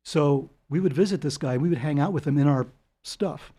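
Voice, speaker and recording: An older man, telling long anecdotes as a guest in an interview, animated and chuckling. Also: fairly high pitch, normal speed. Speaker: guest author. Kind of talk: storytelling interview.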